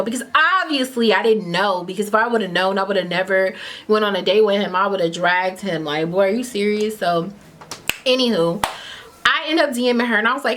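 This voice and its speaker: A woman's voice: medium pitch, brisk. Chatty young woman spilling a story. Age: 20s. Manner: chatty, animated, heavy use of "like" and "you know what I'm saying"; eats while talking at times. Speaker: vlogger telling a story. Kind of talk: casual story time.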